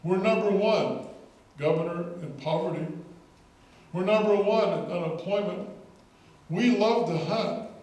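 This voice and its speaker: A man's voice: sits high, measured pace, a little mellow. A man who is a state legislator, giving an emphatic storytelling speech at a political rally. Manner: storytelling, emphatic, repeats words for effect. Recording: echoey hall, distant mic, faint noise.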